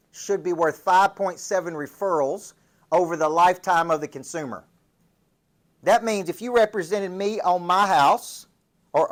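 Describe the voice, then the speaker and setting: A man with a Southern US accent from Tennessee, giving a motivational business coaching talk full of stories and rhetorical questions. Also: high-pitched. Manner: punchy storytelling, rhetorical questions.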